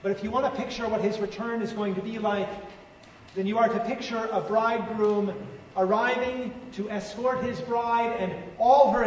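A man preaching a sermon as pastor, slow and emphatic with dramatic pauses, recorded in a large church hall. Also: high voice, a little hiss or hum. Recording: echoey church hall, far-off mic.

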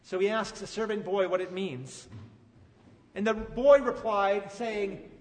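A man preaching a sermon and retelling a story with animated, emphatic delivery. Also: high voice, a little slow, big-room sound. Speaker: pastor.

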